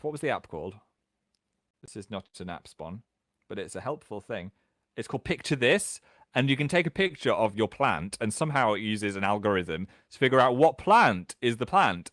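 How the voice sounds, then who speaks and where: A British man in his thirties hosting a casual livestream from home, chatting and reading out viewer comments in an animated way. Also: no room sound, studio quality. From England. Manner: chatty, animated, quick jumps in pitch. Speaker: livestream host.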